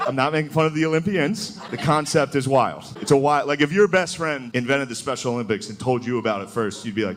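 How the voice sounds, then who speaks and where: A man's voice: mid-range voice, lively intonation, a little fast, a crowd in the background. A man doing a laid-back, crude stand-up comedy set, acting out mock dialogue between imagined people.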